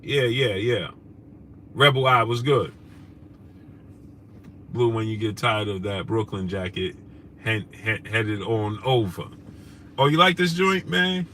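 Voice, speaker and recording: A man hosting a casual live stream, shouting out viewers by name in loose slangy talk. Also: on the low side, takes it slowly, pauses often, slight background noise. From New York. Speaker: host. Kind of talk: casual live-stream chat, reading super chats.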